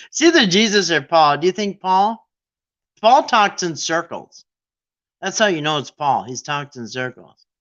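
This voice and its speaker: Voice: medium pitch, sharp tone, dull audio. A quiz game host in casual, playful chat, with irreverent, sarcastic asides.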